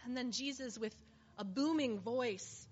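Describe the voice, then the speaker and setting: A woman playing a weary healed woman, slow and earnest. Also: on the high side, husky. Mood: heartfelt. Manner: earnest, heartfelt testimony. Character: weary woman made whole after years of suffering. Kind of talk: first-person dramatic monologue. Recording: slightly muffled with faint hiss.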